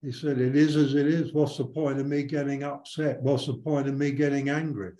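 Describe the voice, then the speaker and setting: A man's voice: medium pitch, little pitch movement, fairly quick, warm tone, echoey room, low-quality recording. An older man, a spiritual teacher, talking reflectively and telling stories in an interview, with frequent restarts. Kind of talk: conversational interview storytelling.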